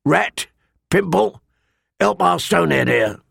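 A man's voice: on the high side, animated, takes it slowly, vocal fry, a bit bright, husky, no room sound, clean studio sound, pitched above the performer's own voice, full character voice. A man playing a cold, sneering master-at-arms. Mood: mocking. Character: sharp cold cruel male master-at-arms, mocking.

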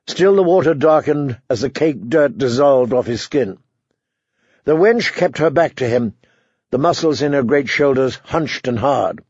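A man with a gravelly voice narrating an audiobook in an even, measured reading. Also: mid-range voice, dry recording. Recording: dull dry lo-fi recording.

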